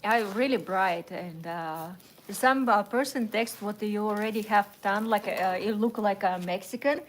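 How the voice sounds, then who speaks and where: A young woman from Russia speaking broken English with a Russian accent in a casual livestream chat, pausing often on "uh" and laughing easily. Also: medium pitch, a little hiss or hum. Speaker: co-host of a livestream.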